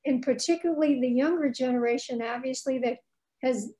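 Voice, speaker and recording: A woman's voice: sits high, brisk, warm tone, low-quality recording. A woman author as a podcast guest, telling stories with passion and indignation. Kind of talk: casual interview chat.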